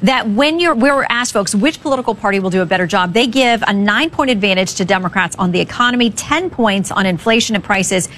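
A woman anchoring a Sunday news program, her voice mid-pitched and steady as she lays out poll numbers and presses her guest. A faint ambience sits behind her. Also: slight background noise. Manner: measured, polished questioning. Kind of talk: broadcast interview.

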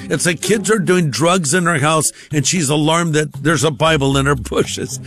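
A man's voice: fairly high pitch, normal speed, few pauses, fairly bright tone, soft background music. A male pastor telling a personal testimony in a conversational sermon style, acting out the voices of others. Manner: conversational, acts out quoted voices.

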